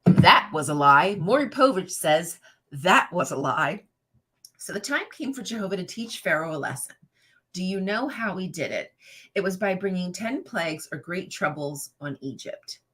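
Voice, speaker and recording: A woman with a husky, slightly low voice streams from home, reading a children's Bible storybook to her chat. She keeps breaking away into sassy, profane commentary before picking the story back up. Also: lively intonation, normal speed, a bit bright. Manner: sassy, profane asides, laughs at her own jokes. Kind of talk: casual reading with rant commentary to live chat.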